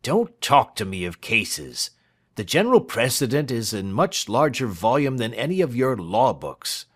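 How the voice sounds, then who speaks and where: A man voicing a moody young gentleman, deep in debt and in love, who speaks quietly and impatiently. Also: very animated, normal speed, husky.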